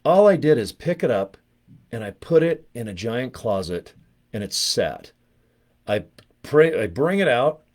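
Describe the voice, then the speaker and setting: A man's voice: medium pitch, very animated, a little slow, darkish tone. A man from Utah hosting a casual livestream vlog from his home studio, jokey and rambling, poking fun at himself. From Utah, USA. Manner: jokey, rambling, self-mocking. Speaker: network marketing vlogger.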